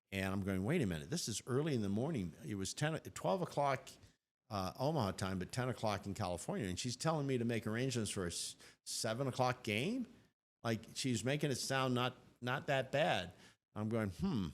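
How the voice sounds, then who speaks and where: With a voice on the low side, this older interview guest brings his story to life, imitating what others said to him.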